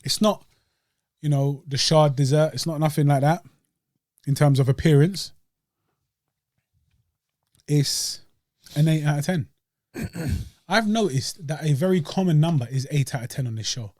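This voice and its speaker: A man's voice: on the high side, darkish tone, no room sound, clean studio sound. A young man, hosting a podcast and chatting casually about a dessert as he eats it. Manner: laid-back, slangy and chatty, eating while talking. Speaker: podcast host reviewing desserts. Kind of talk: casual chat.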